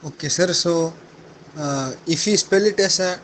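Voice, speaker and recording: A man's voice: a little high, a little slow, background noise. A man asking questions in a class, polite and hesitant, calling the teacher sir. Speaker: student.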